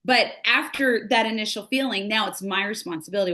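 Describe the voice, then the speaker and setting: A woman's voice: medium pitch, fairly quick, pushed and bright. A middle-aged woman from the United States, a grief recovery specialist talking through ideas in a casual podcast conversation, earnest and illustrating points with little examples. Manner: earnest, explains with acted-out examples.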